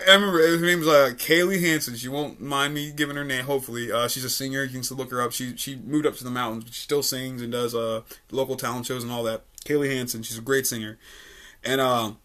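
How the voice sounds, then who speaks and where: A young comedian from Richmond, Virginia, hosting a studio podcast and spinning a story in a loose, profane way. His voice is bright and forward, and he leans on fillers like "like" and "uh" as he goes. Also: mid-range voice, steady tone, fast. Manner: laid-back, swearing, lots of likes and uhs, laughs often. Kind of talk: casual storytelling chat.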